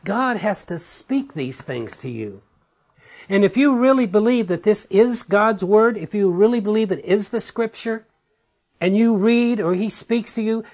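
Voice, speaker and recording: A man's voice: fairly high pitch, darkish tone. A man delivering a sermon with earnest conviction. He stresses his points by repeating phrases and speaks straight to the congregation. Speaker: preacher.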